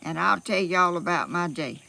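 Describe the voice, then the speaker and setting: A woman's voice: on the low side, normal speed, gravelly, bright, forceful tone. A woman with a Southern US accent, rambling in a folksy way on a live stream from her phone outdoors, a little out of breath. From Georgia, US South. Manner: rambling and folksy, with frequent laughs and fillers. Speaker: vlogger.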